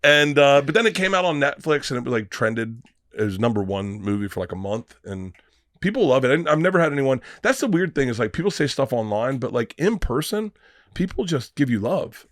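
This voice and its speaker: Animated storytelling man on a podcast. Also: mid-range voice, brisk, no echo, studio quality. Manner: animated storyteller, acts out quoted voices, swears freely. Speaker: comedian guest. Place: podcast studio.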